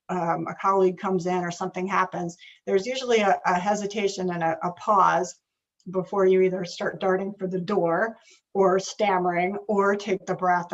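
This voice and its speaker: A woman's voice: medium pitch, poor audio. A woman business coach giving a conversational talk on a video call, often checking in with "right?". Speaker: business strategist and leadership coach.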